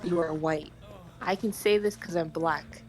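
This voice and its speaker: A woman's voice: fairly low pitch, unhurried, darkish tone. A woman chatting casually on a stream, blunt and teasing, rambling with many fillers. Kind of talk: casual chat.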